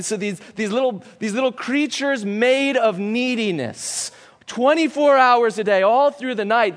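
A man preaching a sermon as a pastor, earnest and emphatic, moving between stressed peaks and quiet, grave passages. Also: high voice, big-room sound.

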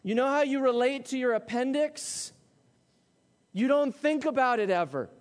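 A man's voice: extremely high pitch, expressive, normal speed. A pastor preaching a sermon to his church, emphatic and full of rhetorical questions. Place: church sanctuary. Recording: long hall reverb.

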